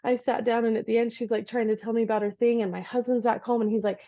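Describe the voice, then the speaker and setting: A woman in her thirties, an energy healer, chatting casually in a vlog from her home office, animated as she retells her day. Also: fairly high pitch, fast talker. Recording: dull lo-fi recording.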